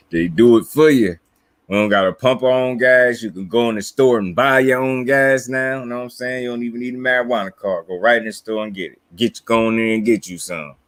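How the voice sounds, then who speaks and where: This boxing livestream host from New Jersey keeps things casual and slangy, chuckling as he reads out what viewers write. His mid-range voice moves fairly quickly, with no room sound.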